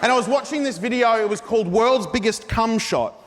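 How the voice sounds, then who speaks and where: Man, very high voice, mock-earnest rant, stand-up set, echoing hall, noise behind. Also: fairly quick, crowd noise. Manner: mock-earnest, ranting delivery. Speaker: stand-up comedian. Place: large theatre stage. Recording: live hall recording with reverb.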